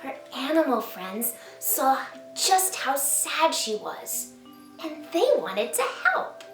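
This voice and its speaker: Woman storyteller for a children's read-aloud, playful and unhurried, roomy sound with faint music under her. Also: high voice, big pitch swings, recorded from a distance. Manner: slow, sing-song and playful, invites kids to join in. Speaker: children's author reading her picture book.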